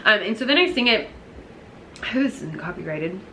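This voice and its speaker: A woman's voice: medium pitch, lively intonation, normal speed, pushed and bright. A young woman, an elementary music teacher, casually talking through her lessons, acting out classroom exchanges and sometimes whispering or singing bits. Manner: acts out classroom dialogue, drops to whispers, sings snippets.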